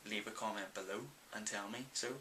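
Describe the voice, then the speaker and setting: A man's voice: lowish voice, flat delivery, brisk, pushed and bright, a little hiss or hum, low-quality recording. A young man with a Northern Irish accent, answering viewer questions in a casual, rambling vlog full of ums. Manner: chatty and rambling, many ums. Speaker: vlogger.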